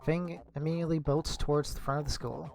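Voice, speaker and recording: A man's voice: on the high side, fairly even intonation, quick pace, gravelly, darkish tone, faint music behind. A young man streaming, reading a visual novel aloud casually, correcting his slips as he goes.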